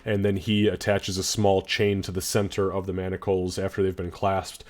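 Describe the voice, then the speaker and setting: Low-voiced man running a tabletop game. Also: level tone, normal speed, a little mellow. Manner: descriptive, swears freely. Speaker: game master.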